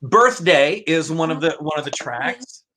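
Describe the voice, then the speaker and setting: A man's voice: fairly high pitch, expressive, measured pace, sharp tone, slight background noise. A man hosting a casual live-stream chat, speaking in a hesitant way with many restarts. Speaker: host.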